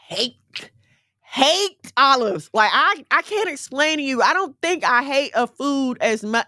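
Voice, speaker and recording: Woman preaching casual and direct, kinda high voice, lots of slang, dry close sound. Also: no room sound. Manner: animated, direct, uses slang. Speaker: faith teacher. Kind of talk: conversational sermon.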